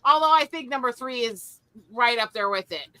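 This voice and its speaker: A woman's voice: fairly high pitch, lively intonation, normal speed, sharp tone, no room sound. A woman co-hosting a casual party-game chat, teasing the others and blurting out swear words. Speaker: podcast co-host.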